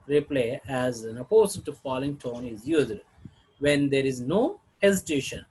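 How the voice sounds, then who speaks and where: A man teaching a lesson on English intonation, reading example sentences with exaggerated rises and falls and pausing often to restart. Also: fairly high pitch, slightly rough, rough recording. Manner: hesitant, with fillers and restarts.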